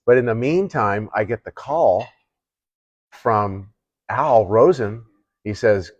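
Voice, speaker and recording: A man's voice: fairly low pitch, slow pace, long pauses. Older man telling baseball stories. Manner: animated, acts out other people's lines in quotes. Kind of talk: casual storytelling. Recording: dull lo-fi sound.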